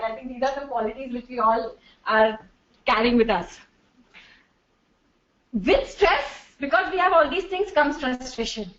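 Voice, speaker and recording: High-voiced woman in an echoey room. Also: slight background noise. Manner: chatty, mixes in Hindi, laughs often. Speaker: corporate trainer. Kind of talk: workshop talk to a live audience. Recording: distant, dull, echoey room.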